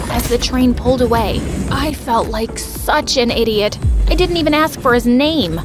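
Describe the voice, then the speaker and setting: First-person storyteller, a woman, lively and high-voiced, light music bed. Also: unhurried. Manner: lively, expressive and breathless. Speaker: narrator.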